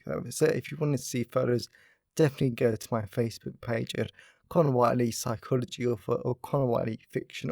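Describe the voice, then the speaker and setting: A young man talks through his solo podcast in a loose, rambling way, dropping "like" into nearly every phrase. His mid-pitched voice carries a gravelly, fry-edged texture. The sound is close and dry, with no room around it. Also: darkish tone, no echo. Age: young adult. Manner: upbeat, rambling, heavy use of "like" fillers. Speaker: podcast host. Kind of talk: casual solo podcast chat.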